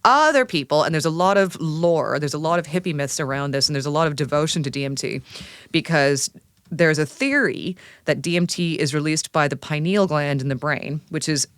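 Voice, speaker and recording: A woman from Canada, a science writer guesting on a podcast, talking in an animated, enthusiastic storytelling way. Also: low-pitched, moderate pace, no echo, studio quality. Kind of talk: casual podcast conversation.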